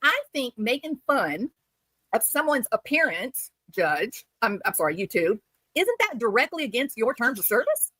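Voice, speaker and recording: Angry woman livestreamer, high bright voice, dry close sound, biting sarcasm. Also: no room sound, rough recording. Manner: sarcastic, mocking. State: furious. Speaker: live stream host. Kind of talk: angry commentary live stream.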